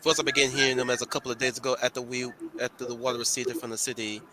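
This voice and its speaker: A man voicing a plain-spoken undercover male agent, reading comic dialogue aloud in a flat, low way. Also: very fast, noisy background, lightly acted. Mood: matter-of-fact.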